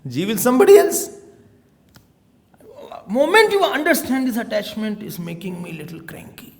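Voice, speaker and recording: Animated high-voiced Indian man teaching. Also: moderate pace. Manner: animated, playful, mixes in Hindi phrases. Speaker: spiritual teacher. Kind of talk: spiritual discourse.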